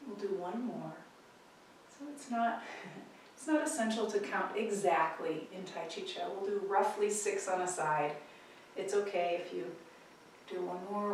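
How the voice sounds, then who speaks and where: Calm woman cueing tai chi in an echoey room. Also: mid-range voice, recorded from a distance, slight background noise. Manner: calm, gentle cueing with pauses. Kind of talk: guided movement instruction.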